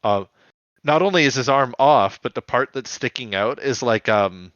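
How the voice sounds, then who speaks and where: A man's voice: medium pitch, normal speed, a bit bright, dry recording, highs cut off. A man co-hosting a podcast, chatting casually and profanely and laughing often. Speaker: podcast co-host. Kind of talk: casual chat about a cartoon episode.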